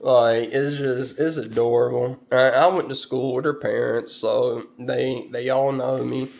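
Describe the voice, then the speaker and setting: A man's voice: medium pitch, steady tone, unhurried, gravelly, a little mellow. A man chatting casually to his viewers in a rambling, laid-back way, full of fillers. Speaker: vlogger. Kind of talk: casual chat.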